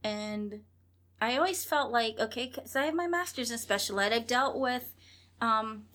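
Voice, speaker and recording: Appearing as an interview guest in a conversational setting, a woman in her thirties earnestly rambles through her story, acting out dialogue between herself and others. Her voice is fairly high, animated and fairly bright, at a normal speed.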